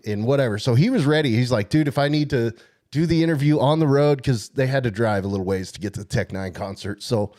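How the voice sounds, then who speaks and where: A man co-hosting a casual sports podcast, telling a long story in an excited, rambling way. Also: medium pitch, fast. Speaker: podcast co-host.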